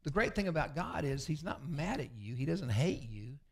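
A man, a pastor preaching a sermon with folksy, confessional storytelling that often sinks to a low murmur. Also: very animated, moderate pace, husky. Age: 60s.

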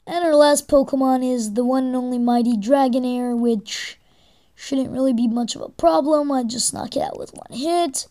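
A woman's voice: sits high, moderate pace, mellow. A young woman giving gameplay commentary, exasperated and swearing at the game as she plays. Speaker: let's play gamer.

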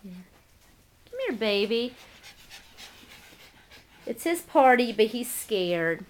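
A woman's voice: on the high side, very animated, slow. Woman cooing baby talk to her dogs. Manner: coos soft baby talk to pets, laughs often. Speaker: dog owner filming a birthday party. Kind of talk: home video chat, baby talk to dogs. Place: home, indoors. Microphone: handheld camcorder.

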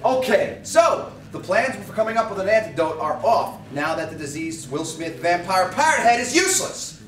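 A man's voice: high voice, sing-song, normal speed, roomy sound, distant mic, noisy background. A man playing a bossy mad scientist. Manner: exasperated, commanding, prone to shouting. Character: bossy male mad scientist in a horror hosting show.

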